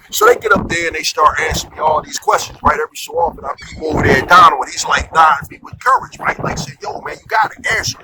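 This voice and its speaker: Over some background noise, a male comedian with a higher voice spins a comic tale in a relaxed, animated way. His storytelling monologue is peppered with "right?" asides.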